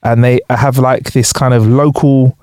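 A man's voice: mid-range voice, level tone, unhurried, a little mellow, no room sound, clean studio sound. A young man co-hosting a casual podcast, explaining facts with frequent laughter. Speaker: podcast co-host.

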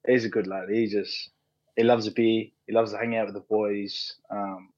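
A man's voice: lowish voice, little pitch movement, normal speed, darkish tone, no echo. Laid-back Australian man, dull dry sound. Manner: laid-back, frequent fillers and restarts, swears freely. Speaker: podcast guest, rugby league player. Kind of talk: casual chat, storytelling.

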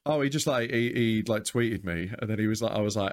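A man's voice: lowish voice, fairly quick, few pauses. A young man, a comedian co-hosting a podcast, talking in a laid-back, rambling way full of fillers. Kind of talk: casual chat.

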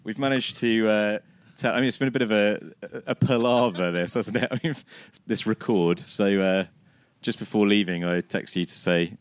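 Hoarse low-voiced man podcasting outdoors. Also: normal speed, hardly any pauses, dry recording. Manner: chatty, self-deprecating, rambling with restarts. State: hoarse, recovering from laryngitis. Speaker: podcast co-host. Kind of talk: casual chat. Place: outdoors, sunny and breezy.

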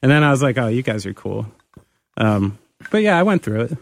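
A man from New Jersey hosting a podcast in casual, excitable chat, loose and full of fillers. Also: medium pitch, fairly quick, vocal fry, dry recording. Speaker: podcast host.

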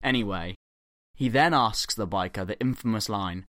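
A man's voice: fairly low pitch, normal speed, a bit bright, dry recording, clean studio sound. A young man hosting a podcast, animatedly telling a comic story full of swearing and acted-out quotes. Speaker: podcast host.

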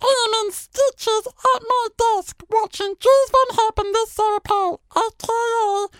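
A man putting on a comic high helium voice, shrill and giggly. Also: fairly even intonation, measured pace, fairly bright tone, dry recording, clean studio sound. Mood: silly squeak. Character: squeaky helium-voiced version of himself.

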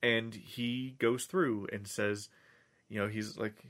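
Male podcast host, lowish voice, loose rambling recap delivery. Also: steady tone, slow pace, a bit bright. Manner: rambling, many restarts and fillers. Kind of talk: casual recap of a TV episode.

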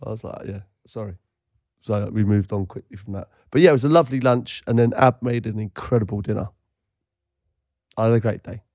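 A man's voice: on the low side, brisk, darkish tone, no room sound, studio quality. A man co-hosting a casual podcast, joking around and laughing as he questions his co-host. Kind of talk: casual chat.

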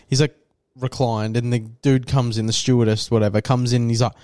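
A man's voice: mid-range voice, little pitch movement, fairly quick, a little mellow. A young man, co-hosting a podcast in casual, crude chat that is full of "like". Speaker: podcast co-host.

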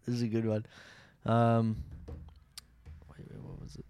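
A man co-hosting a podcast in casual chat, relaxed and patient as he explains things. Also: lowish voice, unhurried, gravelly, smooth. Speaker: podcast co-host.

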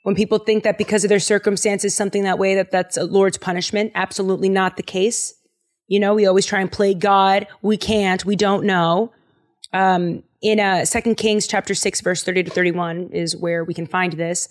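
Brief: woman podcast host, casual and animated, slangy storyteller. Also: mid-range voice, normal speed. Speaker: podcast host retelling Bible stories. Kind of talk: casual chat.

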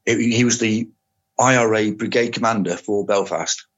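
An older man tells his anecdotes in an unhurried, matter-of-fact way. His voice sits low and husky. The recording sounds dull and lo-fi. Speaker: podcast guest, former soldier and police officer. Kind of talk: casual storytelling. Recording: dull lo-fi audio.

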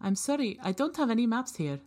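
A woman's voice: fairly high pitch, very animated, brisk, dark tone, pitched above the performer's own voice. Woman doing a polite apologetic robot. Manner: apologetic, formal. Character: polite robot archive keeper.

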